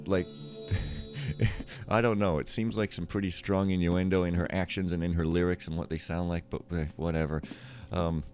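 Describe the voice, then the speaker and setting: Low-voiced man rambling over a game. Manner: rambling, joking, often quiet and mumbled. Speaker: gameplay commentator. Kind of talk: casual gameplay commentary.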